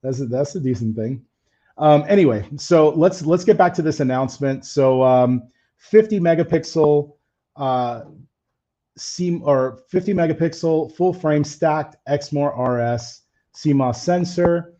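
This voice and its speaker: A man's voice: fairly high pitch, measured pace, mellow. A man hosting a camera-gear live stream, talking in a candid, chatty way, his voice a little faded. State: slightly faded voice. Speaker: camera-gear channel host. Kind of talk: casual live stream chat.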